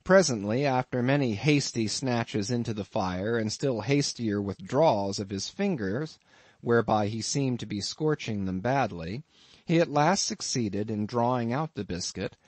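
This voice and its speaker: Man reading an audiobook, animated delivery. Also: medium pitch, no echo. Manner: expressive, dramatic reading. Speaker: audiobook narrator. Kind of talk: scripted audiobook narration.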